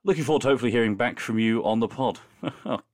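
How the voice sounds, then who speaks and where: A man's voice: mid-range voice, very fast, no room sound, clean studio sound. A man co-hosting a podcast in casual chat, reading listener emails aloud with playful, wry asides and frequent laughter. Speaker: podcast co-host.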